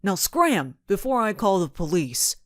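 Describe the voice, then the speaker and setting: A woman's voice: medium pitch, very animated, measured pace, dry recording, studio quality. A woman voicing a sneering grown-man villain, curt and menacing, in an audiobook reading.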